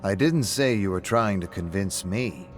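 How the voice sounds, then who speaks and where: A man voicing a calm, probing pub owner who needles an old friend in a dry, measured way. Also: on the low side, soft background music. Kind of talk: audiobook-style story reading.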